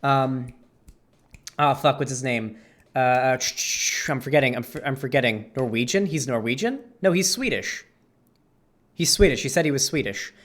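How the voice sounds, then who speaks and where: A man's voice: medium pitch, normal speed, a bit bright. Young guy ranting on his channel, swears a lot, says like constantly, kinda rambly. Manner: rambling, lots of "like", swears freely. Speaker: host. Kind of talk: profane reaction commentary.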